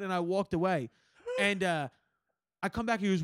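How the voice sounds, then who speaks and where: Animated high-pitched Philly guy telling a story. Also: a little fast, dry recording. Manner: animated storyteller, swears a lot, acts out quotes. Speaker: podcast host. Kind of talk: casual storytelling chat.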